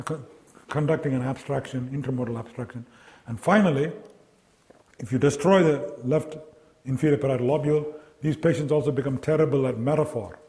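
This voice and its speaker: Man giving a lively lecture. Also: mid-range voice. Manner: lively, engaging, asks the audience questions; acts out sounds and quoted voices. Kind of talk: academic lecture to a live audience.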